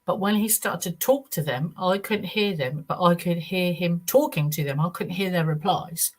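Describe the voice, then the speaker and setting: A middle-aged woman, a guest on a podcast interview. She tells a first-person account earnestly, in a halting way with many restarts. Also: lowish voice. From United Kingdom.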